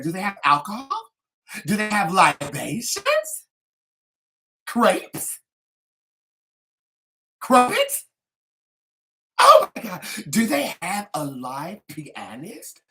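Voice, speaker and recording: A woman's voice: medium pitch, huge pitch swings, moderate pace, few pauses, darkish tone, voice pushed up. A woman putting on a bubbly Valley girl voice, with an upward lift at the end of every phrase. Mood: chirpy. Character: bubbly upbeat Valley girl woman, chirpy small talk.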